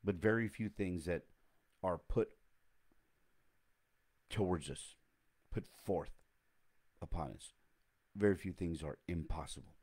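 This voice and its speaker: Deep-voiced guy doing a casual motivational chat, keeps restarting his sentences. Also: slow pace, pauses often, a little mellow, slightly rough. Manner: rambling, self-correcting, reflective. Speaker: host of a motivational talk.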